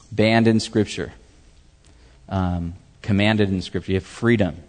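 A man's voice: lowish voice, long reverb tail. A man preaching a sermon, asking the audience questions and acting out what people say. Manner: animated preaching with questions to the audience, acts out voices. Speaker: pastor.

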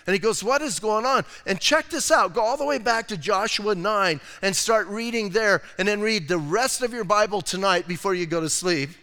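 Male pastor, emphatic, conversational preaching, bright tone in a church hall. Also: high voice, moderate pace, few pauses. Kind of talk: sermon. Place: church sanctuary.

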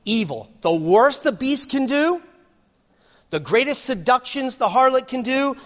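Animated high-voiced preacher in a hall. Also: male voice, measured pace. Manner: animated preacher acting out little scenes. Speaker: pastor. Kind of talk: sermon. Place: church sanctuary. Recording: long reverb of a church hall.

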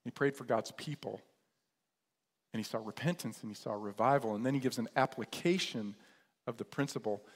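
A man's voice: medium pitch, a little fast. Man preaching in a reverberant hall. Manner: lively storytelling, retells scripture in casual modern terms. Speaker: pastor. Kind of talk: sermon.

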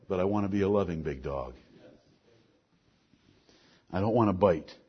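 Husky preaching man, dull recording. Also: sits low. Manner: earnest preaching with swings between soft and forceful. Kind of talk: sermon.

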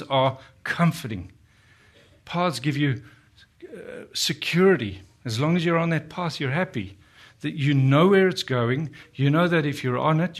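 A man delivering a sermon in an earnest, steady voice at a middle pitch. He keeps turning to his listeners with rhetorical questions. When he quotes scripture he slows right down and lets the words sit. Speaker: preacher.

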